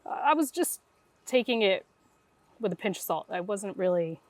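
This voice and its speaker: This middle-aged woman is a guest intuitive who recounts her story in conversation, her voice mid-range and her pace normal. She's animated and acts out the voices of the people she quotes.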